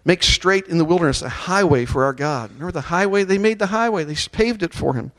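A pastor delivers a sermon in a fairly high voice that rises to loud, ringing peaks on scripture. He reads verses aloud and leads the congregation in call-and-response chants, speaking expressively and fast.

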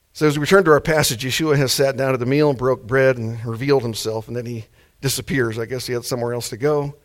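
This preacher is a soft-spoken man giving a sermon at a comfortable, easygoing pace. His pitch is average for a male voice, not deep and not high.

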